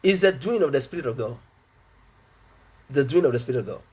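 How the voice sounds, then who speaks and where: A man's voice: mid-range voice, lively intonation, brisk, a little mellow, slightly rough. A Nigerian man preaching as a pastor, fervent, repeating his phrases and laughing between lines. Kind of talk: preaching a sermon.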